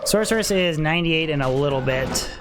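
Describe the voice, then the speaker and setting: A man's voice: a little high, fairly quick. A man streaming a game, casually explaining his gear and chatting with viewers. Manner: chatty, explains gear, reads chat aloud. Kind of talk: casual live-stream commentary. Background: loud background music.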